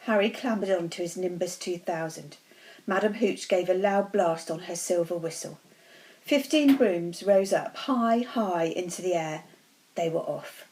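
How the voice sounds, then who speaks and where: A woman teacher reading a children's novel aloud in a steady, expressive storytelling voice. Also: fairly low pitch, normal speed, rough recording.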